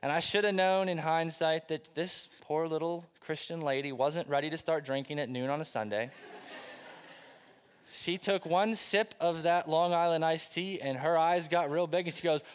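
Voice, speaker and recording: Story-telling preacher in a reverberant hall. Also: male voice, a little high, moderate pace, smooth. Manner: conversational storytelling, self-deprecating humor. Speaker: pastor. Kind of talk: sermon with personal anecdote. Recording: long reverb of a large hall.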